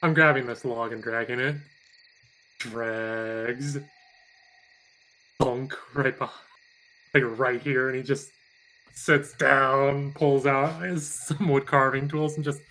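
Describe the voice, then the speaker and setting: A man playing a tabletop game who describes his character's actions in a relaxed, halting way. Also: medium pitch, low-quality recording. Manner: relaxed, halting narration with fillers. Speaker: player.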